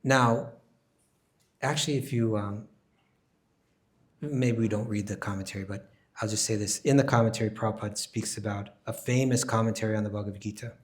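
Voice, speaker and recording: A man's voice: fairly low pitch, brisk, pauses often. Emphatic man teaching a scripture class. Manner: animated, emphatic, repeats words while thinking.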